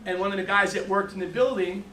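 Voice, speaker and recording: A man giving an animated training talk to a room, storytelling and repeating his words. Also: high voice, fast talker, slight background noise. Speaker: financial services trainer. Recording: echoey room from far off.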